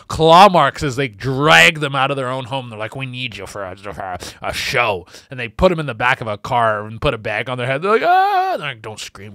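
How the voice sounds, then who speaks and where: A man hosts a comedic monologue, riffing and rambling. His voice is bright and his pitch swings widely. The sound is dry and close. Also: dry recording. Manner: rambling, animated, acts out voices. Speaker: comedian host.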